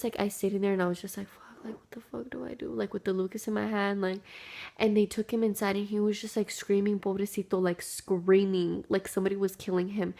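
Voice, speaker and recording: A woman's voice: mid-range voice, warm tone. A young woman telling a childhood story to her camera in a casual, chatty way, full of "like" and "dude". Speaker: vlogger.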